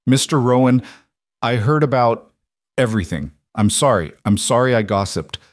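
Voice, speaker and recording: A man voicing a nervous male shopkeeper, apologetic and fretful, with hurried, apologetic speech. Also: mid-range voice, expressive, dry recording, clean studio sound, close to an everyday voice.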